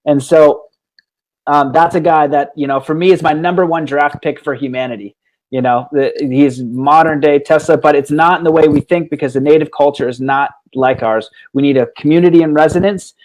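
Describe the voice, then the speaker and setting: Chatty man with a fairly high voice. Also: a little fast, rough recording. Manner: rambling, with many restarts and "he's like" asides; animated, laughs while telling stories. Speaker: guest on a talk stream. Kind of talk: casual storytelling conversation.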